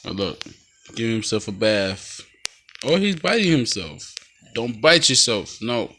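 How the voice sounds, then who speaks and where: A man's voice: mid-range voice, very animated, a little slow, pushed and bright, a little hiss or hum. A man at home filming his kittens on a phone, chatting playfully and cheering them on. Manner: playful, talks to and cheers on the pets. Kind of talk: casual home video chat.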